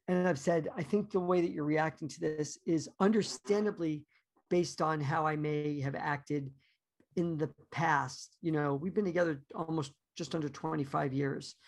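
A man in his forties, a podcast guest talking candidly and reflectively about himself, often trailing off. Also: a little high.

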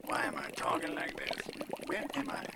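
An actor playing a bewildered modern man stuck in a dream as a groveling servant, who booms flowery praise and mutters confused asides. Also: moderate pace, lightly acted. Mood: baffled. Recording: noisy recording.

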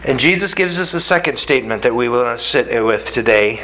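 A man's voice: mid-range voice, animated, fairly quick, bright, forceful tone, a little hiss or hum, rough recording. A man preaching a sermon, telling the story emphatically with repeated phrases. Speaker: pastor.

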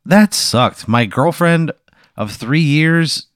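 A man's voice: on the high side, lively intonation, slow, no echo, studio quality. A man reacting in casual comedy banter, exasperated and swearing at the story's turns. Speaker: podcast co-host.

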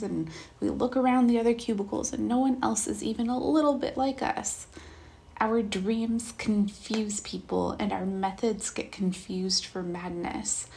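A woman's voice: a little high, creaky, a little mellow. A woman hosting a podcast, talking in an upbeat, hyped, casual way. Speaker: podcast host.

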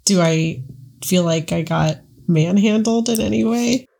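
Woman player, tentative questions, gravelly voice, low pitch. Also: unhurried, dark tone. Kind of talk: casual chat.

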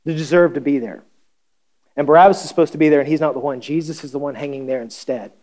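A pastor preaching a conversational sermon, reading scripture and asking the congregation questions with wry humor. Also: male voice, fairly high pitch, fast talker, darkish tone.

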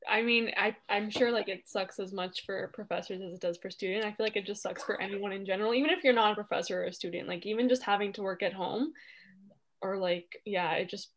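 A young woman student talks quickly and casually at a fairly high pitch. She sounds somewhat distant from the microphone.

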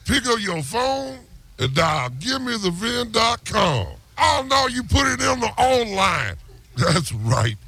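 A man's voice: high-pitched, very animated, slow pace, vocal fry, bright, forceful tone, husky, full character voice. A man playing a crude spoof of an athlete in an old radio comedy car ad. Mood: mock pitch. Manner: broken-English bit.

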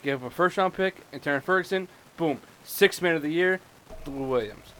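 A man co-hosting a sports podcast, laying out his opinions in a measured way. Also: on the high side, fairly bright tone, low-quality recording. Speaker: podcast co-host. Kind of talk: sports analysis chat.

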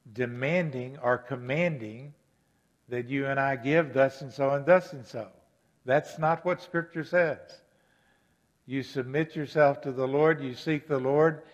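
Earnest male pastor preaching gently. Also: medium pitch, highs cut off. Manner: gentle, earnest preaching that rises to emphatic questions. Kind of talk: sermon.

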